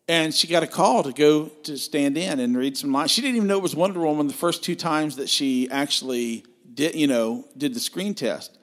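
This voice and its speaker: A man's voice: on the high side, animated, normal speed, hardly any pauses, fairly bright tone. A man co-hosting a film review podcast, talking casually and enthusiastically, often stumbling and restarting his sentences.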